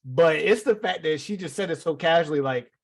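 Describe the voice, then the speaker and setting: A man's voice: on the high side, animated, brisk, creaky. A man co-hosting a podcast, rambling with restarts and chuckles as he gives his take. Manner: rambling, self-correcting, chuckling. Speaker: podcast co-host. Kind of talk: casual podcast banter.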